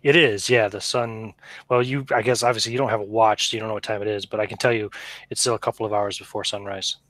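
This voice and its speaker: A man's voice: on the low side, fairly even intonation, fast, fairly bright tone, no echo. A man as game master, explaining the scene in an easygoing, casual way over a video call. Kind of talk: casual tabletop game talk.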